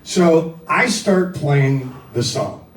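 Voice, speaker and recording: A man from Philadelphia, a rock singer, telling a casual anecdote in an animated, profane, self-deprecating way and acting out the quotes. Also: a little high, drawn-out words, slight background noise. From Philadelphia, USA. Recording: roomy echo, distant mic, faint music.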